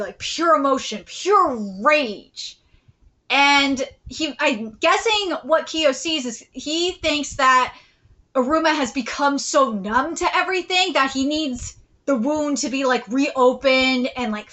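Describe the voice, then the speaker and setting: A woman's voice: sits high, poor audio. A woman hosting a live manga reaction, chatting casually with lots of fillers and reading the chapter aloud. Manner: chatty, many fillers, excitable. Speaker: host.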